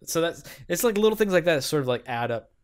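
A man's voice: on the high side, lively intonation, fast, clear, resonant tone. A man co-hosting a movie podcast, talking casually and hesitantly, often stopping to find his words. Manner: hesitant, many fillers and restarts, easygoing. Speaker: podcast co-host. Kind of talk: casual chat.

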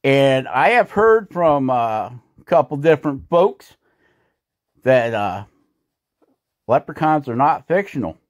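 A man's voice: medium pitch, big pitch swings, slow, pauses often, no echo. A man with a mid-range voice talks through his hand carving step by step. He is folksy and chatty and slips in jokes and wordplay as he works. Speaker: woodcarving channel host. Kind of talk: casual carving tutorial narration.

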